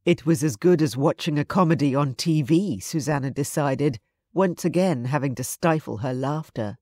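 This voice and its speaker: A woman narrating a romance audiobook in an even, measured storytelling voice. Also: deep voice, no echo, studio quality. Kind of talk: scripted narration.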